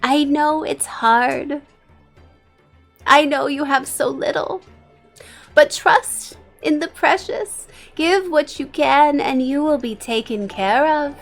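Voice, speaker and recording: A woman voicing a scheming male Gollum-like bishop, who preaches a sermon in a drawn-out, hissing, wheedling way. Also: a little high, lively intonation, faint music behind. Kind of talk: fire-and-brimstone sermon role-play.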